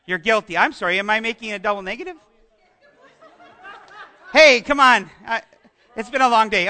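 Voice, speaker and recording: High, bright-voiced Canadian pastor. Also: male voice, expressive, normal speed, long pauses. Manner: chatty, joking with the congregation, many restarts and asides. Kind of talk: conversational sermon.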